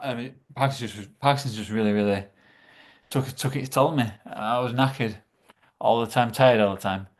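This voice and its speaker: A middle-aged man, a podcast guest talking casually, often halting and repeating words. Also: mid-range voice. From England. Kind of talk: casual chat.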